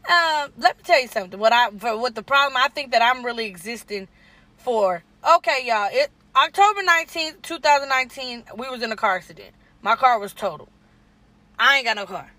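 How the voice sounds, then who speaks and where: Young woman, high voice, casual podcast chat, dry close sound. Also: bright, forceful tone, dry recording. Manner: chatty, addresses listeners as y'all, laughs often. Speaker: podcast co-host.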